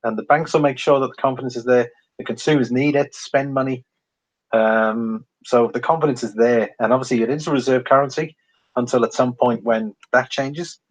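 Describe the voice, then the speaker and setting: On poor audio, a man from England talks a little fast in a mid-range, fairly even voice while hosting a precious metals livestream. He rambles with lots of ums, often chuckles, and reads out comments from viewers.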